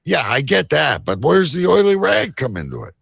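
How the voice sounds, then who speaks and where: A man's voice: on the high side, huge pitch swings, moderate pace, gravelly, fairly bright tone, breathy edge, dry recording, studio quality. A man co-hosting a casual chat, joking, rambling and swearing. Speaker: co-host.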